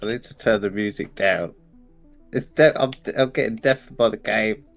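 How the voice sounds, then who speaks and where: An adult man on a voice call during a live gaming stream, chatty and quick to laugh while telling stories. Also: fairly low pitch, gravelly, faint music behind. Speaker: guest co-player on a voice call. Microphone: headset on a voice call.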